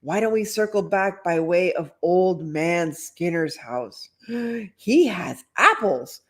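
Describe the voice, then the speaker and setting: A woman's voice: fairly low pitch, animated, slow. A woman voicing a bold, pushy girl in a Halloween costume, eager and airy.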